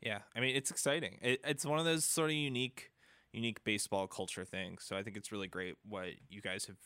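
A man's voice: fairly low pitch, fairly even intonation, fast, bright, forceful tone, clean tone, no room sound, clean studio sound. A man interviewing a guest, asking questions in an enthusiastic, friendly way.

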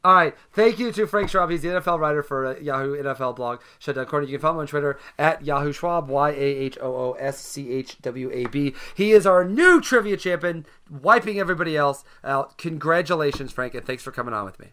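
A man's voice: fairly high pitch, expressive, brisk, hardly any pauses, a bit bright. A man hosting a casual sports trivia quiz on his show, upbeat and chatty. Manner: upbeat, chatty, frequent restarts and throat clearing. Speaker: podcast host running a trivia quiz.

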